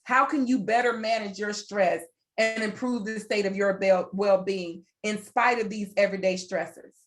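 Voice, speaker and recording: A woman's voice: mid-range voice, fairly even intonation, normal speed. A woman presenting a workplace wellness webinar over a video call, speaking in an earnest, encouraging way and repeating phrases for emphasis. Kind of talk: motivational webinar talk.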